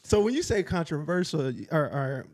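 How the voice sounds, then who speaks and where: A man's voice: a little high, animated, moderate pace, a little mellow. A man hosting a casual podcast interview, laid-back and slangy, laughing often as he asks questions.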